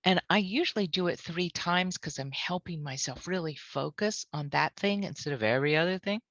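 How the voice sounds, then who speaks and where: A woman trainer leading a guided tapping lesson, calmly repeating short phrases as she walks through the points. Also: fairly low pitch, dry recording. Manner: calm, repeats phrases slowly. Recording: dull lo-fi audio.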